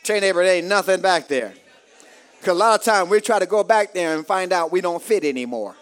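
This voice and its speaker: A man preaching a call-and-response sermon, shouting rising phrases and calling out to the congregation for amens. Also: sits high, animated, brisk, a faint crowd.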